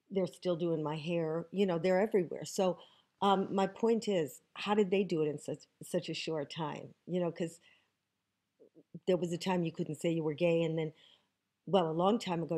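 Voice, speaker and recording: A woman's voice: lowish voice, a little mellow. A woman hosting a casual to-camera question segment outdoors, talking in a wry, joking way with emphatic asides. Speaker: host answering viewer questions. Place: outdoors in the countryside.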